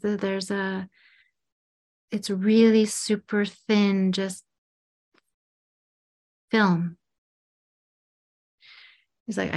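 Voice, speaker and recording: Woman, meditation teacher type, telling a story in a halting, hushed way; slow delivery. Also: mid-range voice, gravelly. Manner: halting, soft-spoken, often drops to a whisper. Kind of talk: reflective storytelling.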